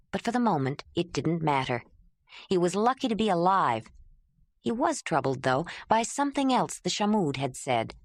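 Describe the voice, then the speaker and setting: A woman narrating a novel as an audiobook in a measured, even storytelling manner. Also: on the low side, dry recording. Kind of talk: scripted narration.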